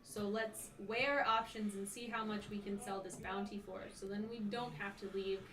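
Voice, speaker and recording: A woman's voice: medium pitch, fairly even intonation, normal speed, a bit bright, echoey room, far from the mic, rough recording. A woman playing a tabletop game, chatting casually and suggesting options that she often leaves unfinished. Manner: proposes options, trails off mid-sentence. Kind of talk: casual tabletop play chat.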